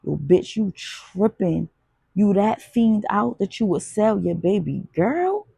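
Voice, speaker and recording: A hard, wary young street dealer who cusses bluntly and snaps in slang, as a woman reads him in an audiobook. The voice is gravelly and husky, set fairly low, and recorded close and dry with no room sound. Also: a little slow, darkish tone, no echo, full character voice. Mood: furious. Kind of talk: audiobook character voicing.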